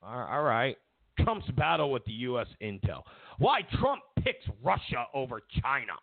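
A man's voice: mid-range voice, very animated, normal speed, gravelly, dry recording. A man hosting a political talk show, giving sarcastic, opinionated commentary and repeating his points for emphasis. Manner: sarcastic, mocks media with exaggerated quotes. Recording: tinny phone-like, dry sound.

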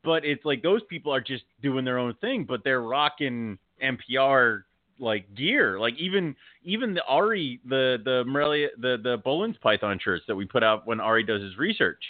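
A man co-hosting a podcast in casual chat, laid-back with frequent chuckles and quick asides. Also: medium pitch, expressive, no echo. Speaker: podcast co-host. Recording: tinny phone-like sound, dry.

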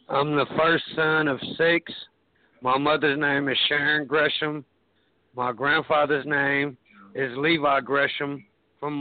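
A man in his forties from Cleveland calls in and introduces himself at a steady pace. His voice runs fairly high and barely moves in pitch. It is dry and squeezed through a phone line. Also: dry recording. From Cleveland, Ohio. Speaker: caller. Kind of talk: casual introduction on a call. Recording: tinny phone-line audio.

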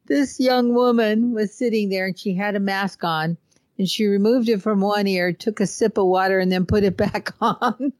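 A woman hosting a talk radio show, chatting casually and telling stories with lively laughter. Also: medium pitch, moderate pace, no room sound.

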